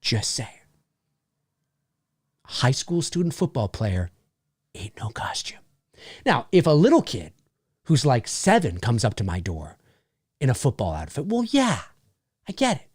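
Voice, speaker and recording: Brief: man in his forties, livestream host, animated and swearing, with a dry, close sound. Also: medium pitch, measured pace, long pauses, husky, dry recording. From Canada. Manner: animated, profane, laughs often. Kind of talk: casual livestream chat.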